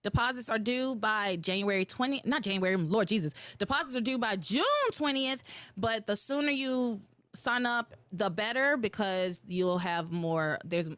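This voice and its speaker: A young adult woman hosting a podcast in casual, animated chat, exclaiming and swearing freely. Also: mid-range voice, normal speed, no room sound. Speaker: podcast host.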